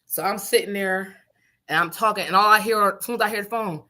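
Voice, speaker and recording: A woman co-hosting a radio show, telling a story in casual chat, animated and swearing, laughing often and acting out what people said. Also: mid-range voice, fast talker. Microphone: studio microphone.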